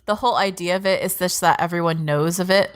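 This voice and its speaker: A woman's voice: fairly low pitch, fairly even intonation, fast. A woman co-hosting a podcast, recapping anime episodes in casual chat, laughing often, swearing freely and padding her talk with fillers. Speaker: podcast co-host.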